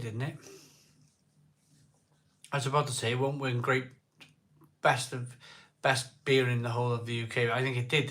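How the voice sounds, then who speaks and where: A middle-aged man from South Wales, with a Welsh accent, chats casually on a live beer-drinking stream, joking as he answers viewers' comments. His voice is medium-pitched with a fairly bright tone.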